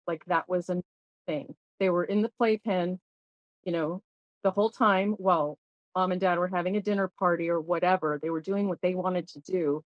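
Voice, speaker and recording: A woman's voice: on the low side, steady tone, measured pace, a bit bright, no echo, dull audio. A woman of sixty talking candidly and emotionally as an interview guest, often restarting her sentences. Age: 60s. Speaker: guest sharing her sobriety story.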